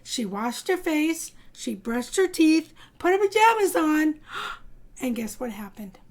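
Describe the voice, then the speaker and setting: A kindergarten art teacher with a high-pitched voice reads a storybook to young children and then guides them through a drawing lesson. She speaks slowly in a sing-song way, giving the characters lively voices.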